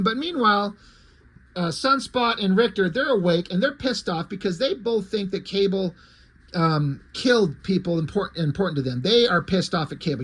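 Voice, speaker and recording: Man, comic book reviewer, casual chat, sarcastic, curses a lot, slightly high-pitched. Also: expressive, moderate pace, a bit bright, slightly rough. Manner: sarcastic, swears freely.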